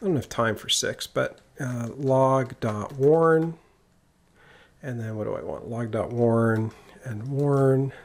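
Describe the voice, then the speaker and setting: Here a man teaches programming in a screen-recorded tutorial, his mid-range voice taking things slowly. The mood is relaxed and playful as he talks through his code while typing it.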